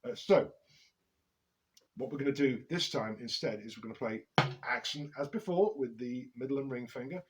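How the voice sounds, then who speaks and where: Man calmly explaining drum technique. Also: medium pitch, a little hiss or hum, poor audio. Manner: measured, explanatory, with frequent filler "uh". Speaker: drum teacher. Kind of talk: instructional drum lesson.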